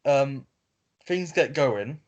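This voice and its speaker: This podcast co-host sounds animated as he reads an online story to his partner over a video call, his voice in a middle pitch. The reading is halting, with frequent stumbles, restarts, fillers, and self-corrections, all in lo-fi call audio during casual chat.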